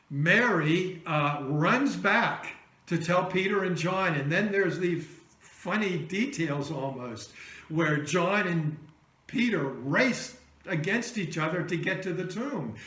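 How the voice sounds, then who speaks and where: Male pastor, slow high-pitched storytelling sermon, echoey sanctuary. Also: lively intonation. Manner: storytelling preacher, dramatic drops to soft voice for quoted words. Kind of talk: Easter sermon.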